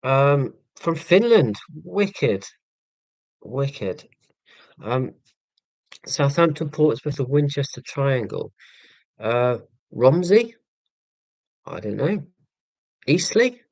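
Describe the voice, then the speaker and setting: A man's voice: medium pitch, sing-song, very slow, pauses often, a little mellow, no echo, rough recording. A man in his forties with a Hampshire accent, chatting casually with viewers on his live stream in a rambling, self-deprecating, sarcastic way, full of ums and restarts. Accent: southern English, Hampshire. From England. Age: 40s. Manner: hesitant, many ums and restarts.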